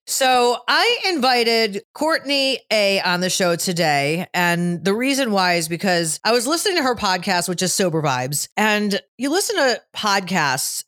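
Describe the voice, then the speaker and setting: Brash, lively woman podcast host. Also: medium pitch, a little slow, few pauses, no echo, clean studio sound. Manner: brash, profane, joking. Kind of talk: casual podcast interview.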